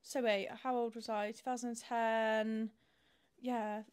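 A woman's voice: fairly high pitch, level tone, takes it slowly, darkish tone, clear, resonant tone. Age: 20s. Sex: woman. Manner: bubbly, laughing. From South Africa. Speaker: podcast guest. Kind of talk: casual chat.

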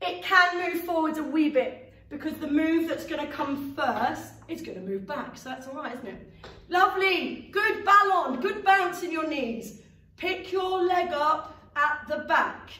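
In a dance studio, a woman with a high, slightly slow voice teaches a live tap class, calling out steps in a sing-song count and praising students by name. The room echoes, the mic is distant, and the music is loud.

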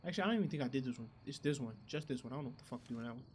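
A young man giving casual, profane gameplay commentary who reacts loudly to the action. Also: mid-range voice, expressive, very fast, slight background noise. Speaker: gaming channel host.

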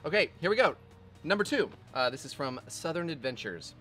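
A young man hosts a casual cooking show, cracking jokes and quoting movies. His voice moves up and down a lot and sounds bright. Faint music plays underneath. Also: fairly high pitch, very animated, a little fast. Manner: playful, quotes movie lines. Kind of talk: casual joking chat.

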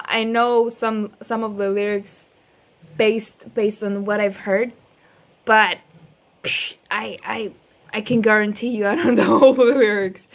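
A woman chatting casually to her viewers before singing a cover, rambling, giggly and self-deprecating, stumbling over her words. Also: fairly high pitch. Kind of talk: casual chat.

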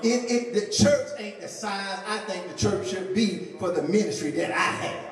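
A man preaching a sermon as pastor, joking playfully with the congregation and building up to a shout. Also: high voice, normal speed, a crowd in the background. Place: church sanctuary. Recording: echoey church from a distant mic.

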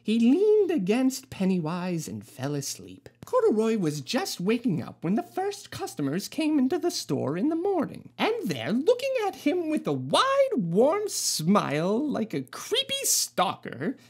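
A woman's voice: fairly high pitch, wildly swooping pitch, unhurried, few pauses, darkish tone, husky. A woman reading a children's storybook aloud in a playful, sarcastic way. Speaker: storybook reader. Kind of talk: storybook read-aloud with jokey asides.

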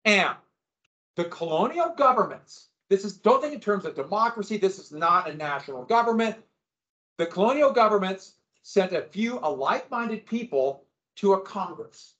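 A man teaching a history class, lecturing in an animated way and quizzing his students as he goes. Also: high-pitched, moderate pace. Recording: echoey room, dull lo-fi sound.

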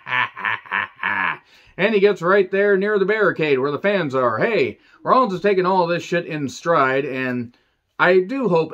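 Sarcastic swearing man, slightly high voice. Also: fairly bright tone, highs cut off. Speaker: wrestling show reviewer. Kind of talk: profane solo review commentary.

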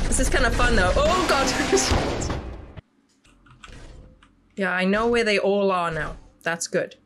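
A woman's voice: mid-range voice, animated, slow, pauses often, loud music behind the voice. A young woman commenting on a horror game. She gets jumpy, swears, laughs nervously and shrieks when chased. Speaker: gaming YouTuber.

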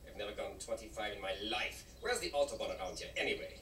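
A man's voice: fairly low pitch, expressive, fast talker, fairly bright tone. An actor playing a boastful male race car with a thick German accent, showy and proud. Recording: echoey game audio from far off with noise.

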